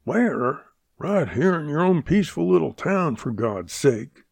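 A man's voice: mid-range voice, measured pace, a little mellow, no room sound, natural voice. A man voicing a surly, sneering cowhand in a western audiobook, with a growling drawl.

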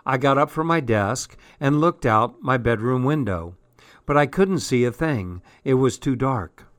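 A man reading a spooky children's story in a slow, measured, steady way. His voice sits at an everyday pitch, and the sound is close and dry, with no room behind it. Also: dry recording. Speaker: story reader.

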